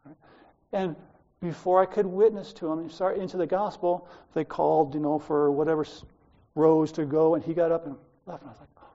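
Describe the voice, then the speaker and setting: An older Australian man preaches in a loose, conversational way, drifting into personal stories and asides. His voice is dark and mellow. The recording is slightly muffled and lo-fi. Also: on the high side, fairly even intonation, a little fast. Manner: conversational storytelling, wandering asides.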